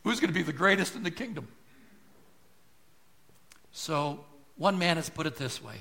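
A pastor preaching a sermon with emphatic rhetorical questions, his loudness swelling and dropping. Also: fairly high pitch, lively intonation, normal speed, creaky.

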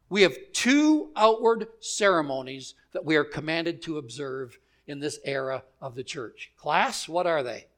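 Slow, emphatic male preacher. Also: a little high, a bit bright. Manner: measured, emphatic preaching with deliberate pauses, ending in prayer. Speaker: pastor. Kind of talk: sermon. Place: church gathering.

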